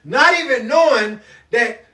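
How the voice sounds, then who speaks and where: High-voiced fervent preacher man. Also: a little slow, pushed and bright. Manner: fervent, rhythmic, repeats phrases. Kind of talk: preaching Bible study. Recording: echoey room, distant mic.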